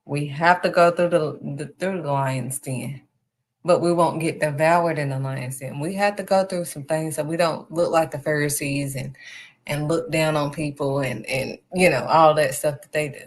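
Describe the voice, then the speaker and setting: A woman's voice: deep voice, fairly even intonation, normal speed. A woman hosting a live stream, giving a faith encouragement talk and stressing her points by repeating them. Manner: emphatic, repeats key phrases. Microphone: streaming setup.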